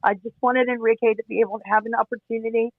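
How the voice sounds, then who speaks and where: A man's voice: very high voice, little pitch movement, fast, a crowd in the background. A man hosting an online audio room, speaking in an emotional, teary, apologetic way. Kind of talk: casual group call. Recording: phone-like, thin audio.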